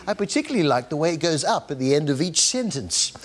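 A man's voice: on the high side, big pitch swings, quick pace. A man hosting a comedy show, giving giggly, mock-indignant commentary on TV clips. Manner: zany, giggly, mock-indignant, bursts into squeals.

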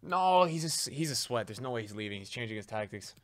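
A young adult man giving live commentary over his own video game matches, excitable, jumping from loud yelps to low muttering. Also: quick pace, a little hiss or hum. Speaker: gaming video creator.

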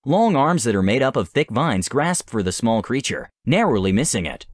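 A man narrating a tabletop adventure as game master, with measured, descriptive storytelling. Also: medium pitch, sing-song, no echo, studio quality.

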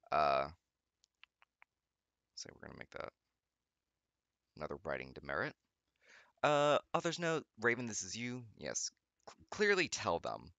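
A young adult man with a fairly low, somewhat bright voice reads fan fiction out loud and mocks it, often laughing, stumbling over words, and throwing in sarcastic remarks. There's no echo on the recording.

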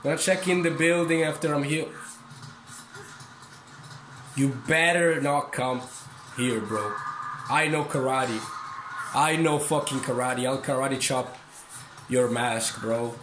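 A man giving excitable, swearing commentary over a horror game. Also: medium pitch, slow, long pauses, echoey room, background noise. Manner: excitable, swearing, yelps and laughs. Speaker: gaming streamer. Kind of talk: casual gameplay commentary.

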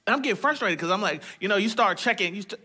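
A man's voice: high voice, expressive, fast, background noise. A man pastor preaching a sermon, praying aloud in short emphatic phrases and mixing in humor and repetition.

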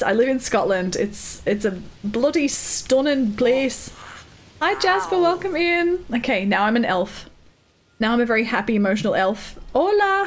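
A woman's voice: on the high side, slight background noise. Bubbly woman streamer in a put-on accent. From Australia. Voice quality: doing a put-on accent instead of her normal one. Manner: reads out and thanks chat, laughs often, bubbly. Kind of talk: casual live-stream chat while gaming.

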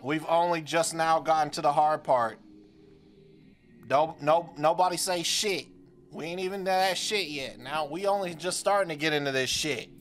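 A man's voice: a little high, moderate pace, faint music behind. A young man streaming a rhythm game, frustrated and trash-talking with lots of swearing. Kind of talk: live gameplay commentary.

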